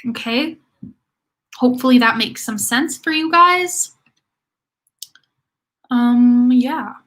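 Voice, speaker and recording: A woman's voice: on the high side, slow, a bit bright. A young woman hosting a casual study livestream, chatty and rambling with lots of fillers, reading out viewer comments as she goes. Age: young adult. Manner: reads comments aloud and answers viewers.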